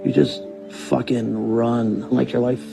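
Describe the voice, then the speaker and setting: A man's voice: mid-range voice, little pitch movement, takes it slowly, vocal fry, over music, poor audio. A brash, foul-mouthed man. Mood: earnest. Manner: swearing, loud and mocking. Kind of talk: film dialogue.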